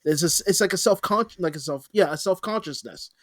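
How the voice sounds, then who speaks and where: Guy cohosting a podcast, kinda high voice, rambles and cusses a lot. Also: fairly quick, no room sound, studio quality. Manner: rambling, profane, many restarts. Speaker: podcast co-host. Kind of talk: casual chat.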